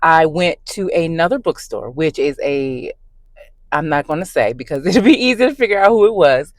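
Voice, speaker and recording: A woman with a low-pitched voice vents in a casual vlog rant, emphatic and conversational as she tells her story. The sound is close and dry, with almost no room echo. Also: expressive, normal speed. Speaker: book vlogger. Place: in her car.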